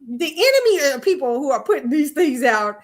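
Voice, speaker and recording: A woman hosting a casual pop culture commentary show, laughing often and ranting in a sassy, animated way. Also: sits high, fairly quick. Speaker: host.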